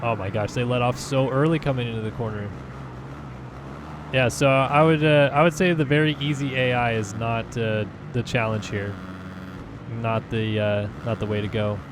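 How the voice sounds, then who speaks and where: Chill guy from california talking thru his game run, lots of ums, some steady noise behind him. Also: medium pitch, normal speed. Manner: laid-back, chatty, thinks aloud with fillers. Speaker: gaming channel host. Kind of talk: casual gameplay commentary.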